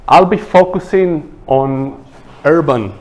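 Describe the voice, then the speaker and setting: A man's voice: mid-range voice, unhurried. A man giving a casual workshop lecture as a landscape architect, chatty and joking, regularly checking in with his audience, speaking English as a non-native speaker. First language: not English.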